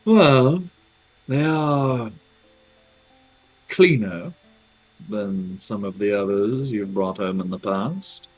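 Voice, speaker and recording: A man voicing a cold, haughty noble father who talks in a measured, disdainful way in a tabletop game. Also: fairly low pitch, expressive, slightly rough, dry recording, faint music behind, voice pushed down, heavily acted, poor audio.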